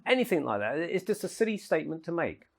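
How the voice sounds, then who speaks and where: A man with a somewhat high voice gives a loose, anecdotal talk. He rambles from story to story and often laughs at his own jokes. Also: big pitch swings, quick pace, vocal fry. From England. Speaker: speaker at a paranormal talk. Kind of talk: informal lecture with anecdotes. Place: lecture room at an event.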